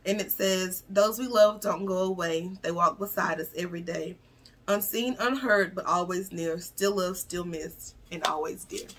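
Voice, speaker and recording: Husky-voiced young woman, stuffy nose, chatty slangy vlogger talking to camera. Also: mid-range voice, fairly bright tone. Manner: chatty and playful, slangy asides to viewers. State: nasal, stuffy. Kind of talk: casual chat to viewers.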